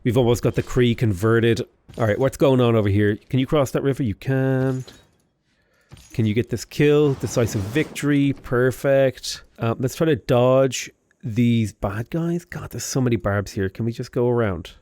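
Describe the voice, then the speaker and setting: A man's voice: medium pitch, normal speed, warm tone. A young man chatting casually while playing a strategy game, rambling into jokey asides. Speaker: gaming YouTuber. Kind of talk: casual gameplay commentary.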